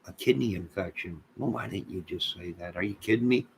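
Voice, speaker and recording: A man hosting a livestream, rambling and joking in a deadpan way as he talks to viewers in chat. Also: low-pitched, fairly quick, vocal fry, heavy background noise. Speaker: livestream host.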